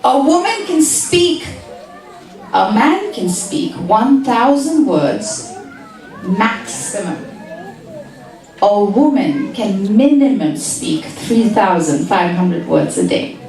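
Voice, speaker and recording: A woman's voice: medium pitch, big pitch swings, slow, darkish tone, far from the mic. A woman giving a humorous lecture to an audience in a large hall, teasing the listeners and repeating phrases for emphasis. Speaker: speaker at a community talk.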